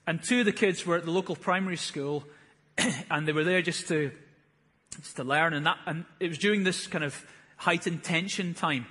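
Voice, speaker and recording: A man in his thirties preaches from the front of a church hall, his voice pitched fairly high with a touch of huskiness. He speaks earnestly and builds to fervent, emphatic bursts. Long reverb from the hall trails every phrase. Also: normal speed, bright, forceful tone, breathy edge. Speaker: pastor. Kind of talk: sermon.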